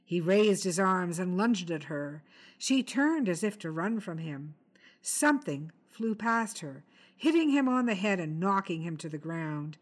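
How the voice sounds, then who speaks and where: Woman reading a dark tale aloud. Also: lowish voice. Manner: measured, expressive storytelling. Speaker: story reader. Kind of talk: scripted narration.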